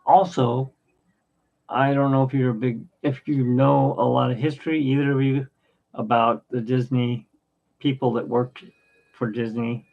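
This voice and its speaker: A man in his fifties talks in a gravelly, creaky voice, drifting from story to story with many ums and restarts. His pitch sits in the middle range. The sound is dull and lo-fi. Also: steady tone. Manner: rambling, anecdotal, halting with fillers. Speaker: podcast host. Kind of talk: casual rambling chat.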